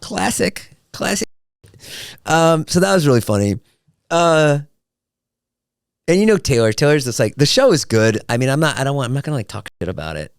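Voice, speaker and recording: Animated man on a dry podcast mic. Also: fairly quick, clear, resonant tone, dry recording. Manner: animated, jokey, swings into high excited pitch. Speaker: podcast host. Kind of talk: casual solo podcast monologue.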